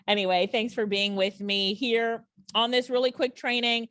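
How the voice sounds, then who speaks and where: A woman's voice: fairly high pitch, fairly even intonation, normal speed, a bit bright, no echo, clean studio sound. A woman hosting a casual online training, reacting with laughter and enthusiasm. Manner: enthusiastic, laughs often, asks the viewer questions.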